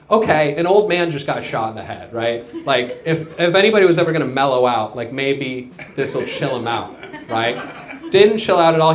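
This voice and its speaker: A male stand-up comedian talks loosely into a stage mic and drifts through offhand, rambling asides. His voice sits a little high. The club is roomy and echoing, and a crowd laughs throughout.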